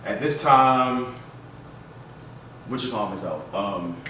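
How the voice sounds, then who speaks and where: Man, storytelling vlog host, casual and animated, low voice, very echoey room, mic set back. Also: slow pace, distant mic, slight background noise. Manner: animated, loose and chatty, full of "like".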